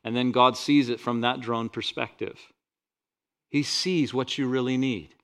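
A man pastor preaching a sermon, rising loud on scripture and dropping quiet for asides. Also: mid-range voice, fairly even intonation, a little slow, clear, resonant tone.

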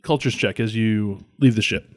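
A man narrating as game master of a tabletop game, describing scenes in a relaxed way. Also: on the low side, moderate pace, background noise.

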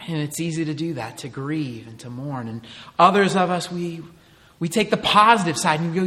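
A man's voice: fairly high pitch, moderate pace, sharp tone, big-room sound. A man in his thirties, a pastor giving an earnest, conversational sermon full of rhetorical questions.

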